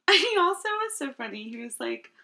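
A woman's voice: high-pitched, sing-song, normal speed, creaky, sharp tone, echoey room. A young adult woman, a teacher and podcast co-host, chatting casually and a little tipsy, giggling and rambling with plenty of fillers. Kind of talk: casual chat.

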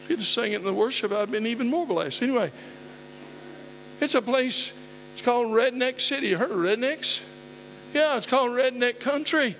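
High-voiced older preacher with a twang. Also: male voice, moderate pace, fairly bright tone. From southeastern Oklahoma. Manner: folksy storytelling preacher, rising to emphatic calls. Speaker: pastor. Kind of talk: sermon. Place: church hall. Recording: dull recording in a long-reverb hall, faint hum.

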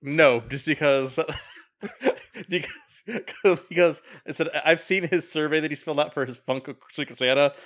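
A man's voice: fairly high pitch, measured pace, fairly bright tone. A man co-hosts a casual podcast chat in a slightly raised voice. He keeps teasing his friends and laughs as he talks. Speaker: podcast co-host.

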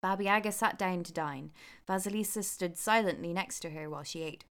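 Woman storyteller with a lower voice, relaxed and chatty between passages. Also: a little fast. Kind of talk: reading a folk tale aloud with chat.

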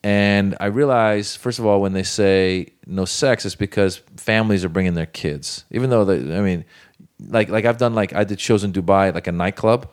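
A comedian telling a lively story in casual talk, acting out other voices. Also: male voice, lowish voice, normal speed. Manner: animated, acts out voices in anecdotes. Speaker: comedian guest.

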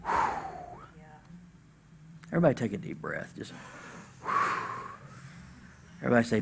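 A male pastor giving a conversational, animated sermon in church, with casual slang and sudden bursts of emphasis. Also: fairly low pitch, normal speed, vocal fry, long pauses, a crowd in the background.

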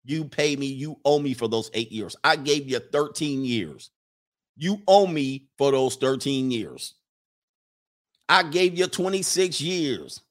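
A man's voice: mid-range voice, animated, pitched below the performer's own voice. A man putting on a bitter, wronged woman. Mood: aggrieved. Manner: slow, drawn-out lament. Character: bitter woman listing her years of sacrifice.

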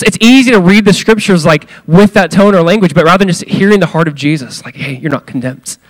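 A male pastor preaching a sermon in a loose, conversational way, filling his talk with "like" and acting out the quoted lines with big swings in his voice. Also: a little high.

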